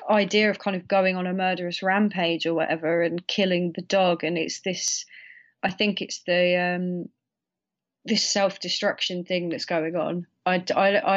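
A woman talks through a film in a loose, rambling way, circling back with restarts. Her voice sits on the low side. The recording sounds dull and lo-fi. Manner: rambling, many fillers and restarts. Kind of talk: casual film discussion.

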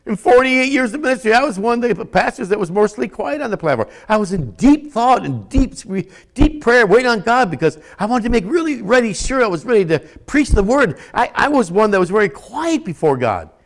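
An older man preaching a sermon as a pastor, swinging from shouts to near-whispers and repeating words for emphasis. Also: sits high, big pitch swings, brisk, few pauses.

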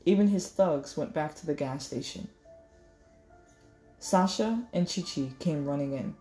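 Woman narrator, audiobook reading, low voice, unhurried, faint music behind. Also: dark tone. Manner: measured storytelling, small slips corrected. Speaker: audiobook reader. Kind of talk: reading a novel aloud.

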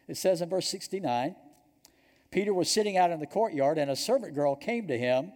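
A man with a Georgia accent preaching a sermon to his congregation, telling the story earnestly and dropping to a hush for key points. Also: a little high, expressive, moderate pace. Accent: Georgia, US Southern. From Georgia, United States. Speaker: pastor. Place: church sanctuary. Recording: long reverb of a large hall.

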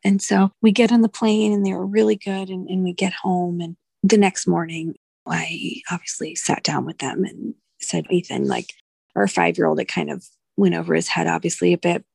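Husky, gravelly woman telling a painful story. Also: fairly low pitch, fairly even intonation, a little mellow, no room sound. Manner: emotional, halting, restarts. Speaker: podcast guest, doula. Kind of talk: candid personal storytelling.

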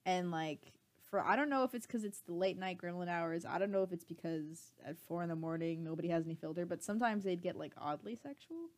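A woman's voice: fairly low pitch, brisk, hardly any pauses. A woman in her twenties, a podcast co-host in casual chat, rambling and laughing often and poking fun at herself. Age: 20s.

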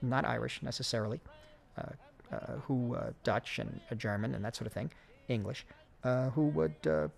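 Gravelly man giving halting film commentary. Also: mid-range voice. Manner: halting, many fillers, quick bursts.

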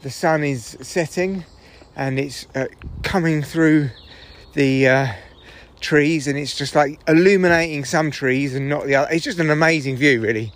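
A man's voice: fairly high pitch, moderate pace. A man, a comedian, rambling through a casual solo podcast while walking his dogs in the woods. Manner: chatty, rambling, swears freely.

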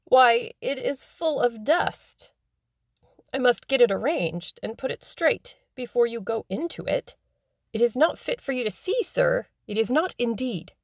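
A woman's voice: a little high, very animated, a little slow, creaky, no room sound, clean studio sound, voice pushed up, full character voice. A woman reading an audiobook, voicing a fussy elderly housekeeper who frets and scolds. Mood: fussing. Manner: fretful, scolding.

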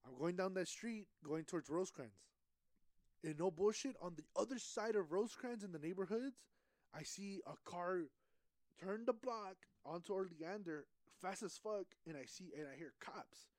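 A young man co-hosting a podcast, telling a story in casual chat with heavy swearing and lively acted-out quotes. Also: high-pitched, normal speed, no echo. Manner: profane animated storytelling. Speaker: podcast co-host.

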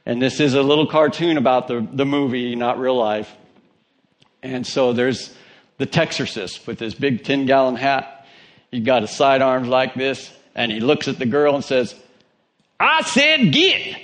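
A man's voice: medium pitch, steady tone, moderate pace. A man preaching a sermon in a church, telling stories in a conversational way and joking with his congregation. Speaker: pastor.

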